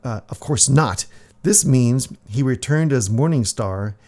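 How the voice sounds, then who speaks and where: A man's voice: medium pitch, animated, measured pace, a little mellow, voice pushed up. A man voicing a haughty male priest who sneers and insults the others. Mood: scornful.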